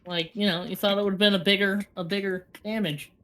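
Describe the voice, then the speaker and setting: A woman narrating as game master of a tabletop game, chatty and a little halting. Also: mid-range voice, fairly even intonation, fairly bright tone.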